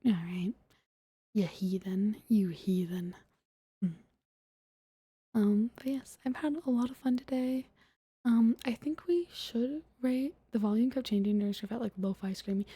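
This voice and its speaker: A young woman streaming as a VTuber, chatting softly and giggling in a half-whisper after an ASMR stream. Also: on the high side, moderate pace, slightly rough. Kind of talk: soft-spoken ASMR stream chat, often whispered.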